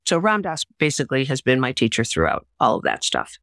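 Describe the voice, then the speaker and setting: With a creaky, slightly bright bass voice that swings hugely in pitch, an older woman speaks a little fast in a dry, studio-quality recording. As a memoir author and writing teacher being interviewed, she tells personal stories earnestly and emphatically, voicing the people she quotes.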